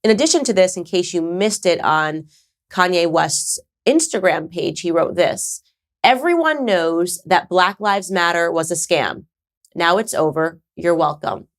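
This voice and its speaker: A woman's voice: lowish voice, lively intonation, measured pace. A woman in her thirties from the United States hosting her own show, talking in an emphatic, conversational way with sarcastic asides. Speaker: podcast host. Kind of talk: casual commentary to camera.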